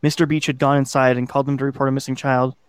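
A man's voice: mid-range voice, flat delivery, racing, clear, resonant tone, no room sound. A man hosting a podcast, casually narrating a scary childhood story and swearing now and then. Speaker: podcast host.

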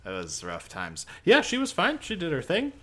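Gushing man with very lively voice. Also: a little high, moderate pace. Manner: enthusiastic, gushing, easygoing. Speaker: podcast co-host. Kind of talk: casual movie review chat.

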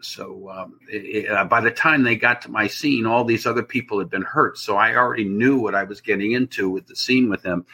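Male actor guest, husky, intense edge; loose, rambling anecdote delivery. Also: on the low side. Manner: rambling, animated anecdote telling. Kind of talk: casual storytelling interview.

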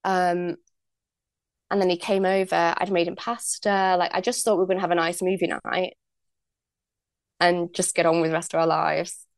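A woman's voice: lowish voice, steady tone, normal speed, pauses often, no room sound, clean studio sound. A young woman, a podcast guest telling a personal story in a chatty way, full of likes and ums, acting out what people said. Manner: chatty, many likes and ums, acts out quoted dialogue. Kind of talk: candid storytelling.

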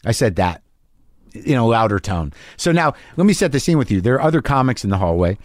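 A man's voice: mid-range voice, very animated, a little fast, no echo, studio quality. A middle-aged man, a stand-up comic and host, telling a candid, profane story and acting out both sides of an argument.

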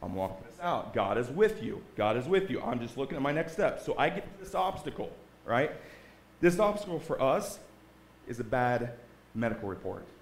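In a church sanctuary, a man with a mid-range voice and big pitch swings shares an earnest testimony at normal speed, repeatedly asking the congregation "right?". The audio is reverberant with a little hiss or hum.

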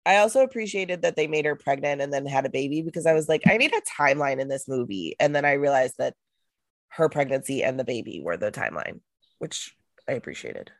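A woman's voice: extremely low pitch, animated, fast talker, no echo, studio quality. A woman co-hosting a casual podcast chat, easygoing and agreeable with hesitant fillers. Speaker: podcast co-host.

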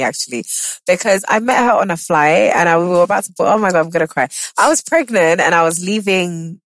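A young woman hosting a podcast, emotional and warm in a casual heartfelt chat, often restarting her sentences and acting out quotes in lively voices. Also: medium pitch, no room sound. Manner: emotional, halting restarts, animated quoting. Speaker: podcast host.

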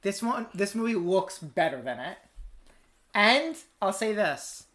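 A podcast co-host chatting casually, with a joking tone and quick asides. The voice sits at a middling pitch, and the delivery is relaxed and talkative. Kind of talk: casual chat.

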